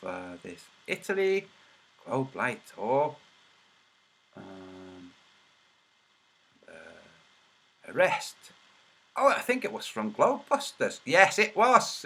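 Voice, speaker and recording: This video host has a medium-pitched voice with a bright, forceful edge. While hosting a casual livestream, he mutters under his breath as he looks for something, then delivers sarcastic, mocking remarks.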